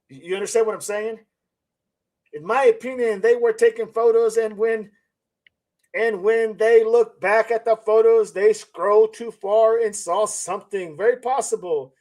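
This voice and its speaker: A man with a fairly high voice hosts a live-stream commentary. He talks skeptically, circling back to the same points and throwing out rhetorical questions. Now and then he reads comments from viewers aloud. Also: low-quality recording. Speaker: channel host.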